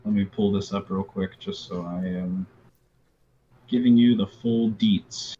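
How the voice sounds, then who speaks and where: Laid-back game master, dull lo-fi sound. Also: male voice, sits low, a little slow, slight background noise. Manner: relaxed, with many fillers. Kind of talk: running a tabletop role-playing game.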